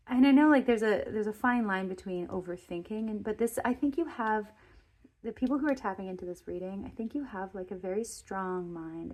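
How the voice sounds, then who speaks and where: Woman, tarot reader, mid-pitched, gravelly edges, warm rambling sincerity. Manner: gentle, earnest, rambling with many restarts. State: emotional, near tears. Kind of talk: intimate tarot reading talk to viewers.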